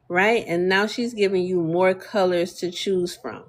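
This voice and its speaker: A woman's voice: lowish voice, fairly even intonation, unhurried. A woman hosting a casual live tutorial, chatting with viewers and reading their comments aloud, with easy fillers and laughter. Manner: chatty, talks to viewers and reads chat aloud. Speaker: live stream host demonstrating a design tool. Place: home desk, streaming live.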